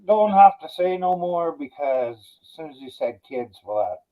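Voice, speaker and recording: Lively man over a tinny line. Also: a little high, unhurried. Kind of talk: casual chat on a video call. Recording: tinny phone-like call audio.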